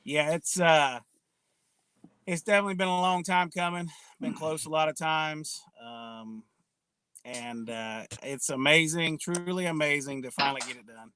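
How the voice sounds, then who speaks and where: A man guest on a live interview, answering in a relaxed, plain-spoken way over a video call. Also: fairly high pitch, measured pace, a little hiss or hum, low-quality recording. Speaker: guest angler.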